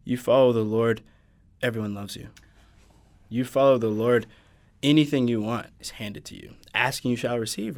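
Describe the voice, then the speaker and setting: A man in a casual podcast conversation, earnestly quoting and unpacking scripture. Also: mid-range voice. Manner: earnest, quotes scripture at length. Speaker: podcast guest. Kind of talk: casual faith discussion.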